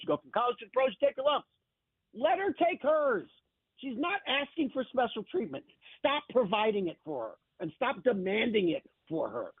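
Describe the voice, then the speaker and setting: Fired up guy on a tinny phone line, high lively voice, kinda husky, ranting hard. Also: no room sound. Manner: impassioned, sarcastic ranting. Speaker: sports journalist guest. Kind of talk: opinionated radio commentary. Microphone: phone call into radio show.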